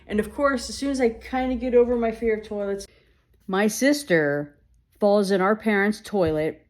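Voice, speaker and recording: A woman co-hosting a podcast, casually telling childhood anecdotes in a chatty, animated way. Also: mid-range voice, moderate pace. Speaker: podcast co-host. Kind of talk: casual storytelling.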